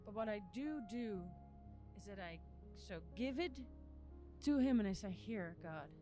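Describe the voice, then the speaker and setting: A woman's voice: fairly high pitch, lively intonation, normal speed, mellow, soft background music. A woman who is not a native English speaker, hosting a podcast and talking in an earnest, emotional spiritual monologue with repeated phrases. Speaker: podcast host.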